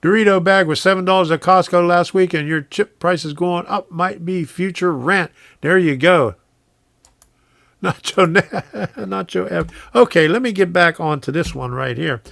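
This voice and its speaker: A man's voice: sits high, unhurried, vocal fry, fairly bright tone, no echo, clean studio sound. A man hosting a casual live stream from his home train room, rambling, chuckling often and reading viewers' comments aloud.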